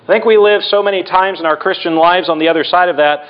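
A middle-aged male pastor preaching a sermon, slowing down and dropping his voice for emphasis. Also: high-pitched, clean tone. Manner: preaching with emphatic slowdowns and dramatic drops in volume. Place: church. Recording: dull lo-fi church recording.

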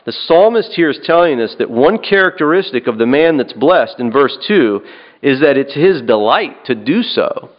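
A man's voice: medium pitch, animated, normal speed. A man preaching a sermon in an earnest way, often repeating and restarting his phrases and checking in with "right?". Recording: dull lo-fi recording.

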